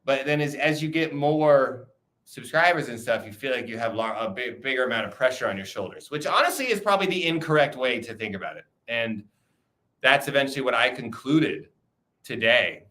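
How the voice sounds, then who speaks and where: Young male streamer, casual rambling live chat, swears freely, mid-pitched. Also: lively intonation, fairly quick, sharp tone. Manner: loose, profane, rambling with frequent restarts.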